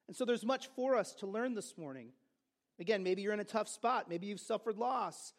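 A man's voice: high-pitched, expressive, normal speed. A man preaching a sermon as pastor, with conversational storytelling and joking asides. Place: church service.

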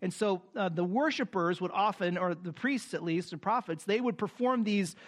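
A pastor preaching a sermon, explaining scripture with many fillers and restarts, then reading the verses aloud with rising emphasis. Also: male voice, high-pitched, normal speed.

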